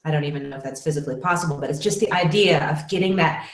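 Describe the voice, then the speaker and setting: A woman with a deep voice talks in rapid bursts while teaching singing over a webinar. She walks through exercises and models them with short sung syllables, all captured in an echoey room.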